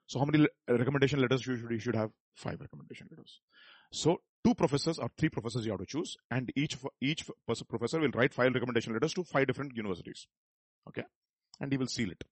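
Telugu-accented pastor preaching, husky voice. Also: male voice, mid-range voice, fast talker, dry recording. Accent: Indian, Telugu. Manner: storytelling with acted quotes and chuckles, rising to emphatic peaks. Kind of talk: sermon.

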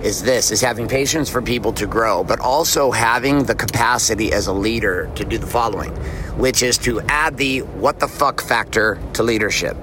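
A man's voice: on the low side, normal speed, fairly bright tone, slight background noise. A man hosting a podcast, giving a blunt, profane and fired-up motivational monologue. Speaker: podcast host.

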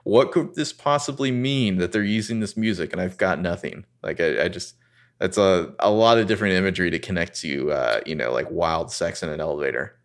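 A man's voice: low-pitched, brisk. A man hosting a podcast, recapping a TV episode in a casual, rambling way with crude humor. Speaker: podcast host.

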